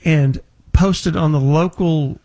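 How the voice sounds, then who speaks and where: A man's voice: a little high, slow, mellow. A man hosting a chat show, telling a long story in a rambling, emphatic way with many restarts. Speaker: radio and TV show host. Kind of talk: casual chat.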